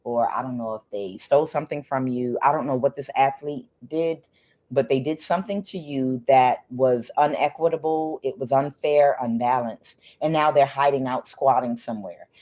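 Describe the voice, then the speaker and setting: Very deep-voiced hesitant woman tarot reader. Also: normal speed, warm tone. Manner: hesitant, full of filler sounds, repeats herself. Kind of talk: casual tarot reading.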